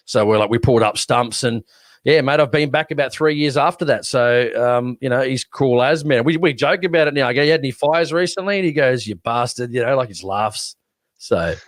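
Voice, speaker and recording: A man's voice: medium pitch, a bit bright, dry recording. An Australian man co-hosting a podcast, telling a story in a rambling, casual way with lots of restarts. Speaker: podcast co-host. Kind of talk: casual chat.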